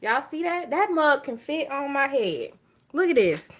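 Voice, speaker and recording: A woman's voice: high-pitched, big pitch swings, unhurried. A woman with a Southern US accent chatting casually to her viewers from her makeup table at home. She talks candidly, jokes, and keeps addressing her audience directly. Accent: Southern US, Alabama. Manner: candid, joking, talks straight to viewers as y'all. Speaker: vlogger. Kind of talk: casual chat to camera.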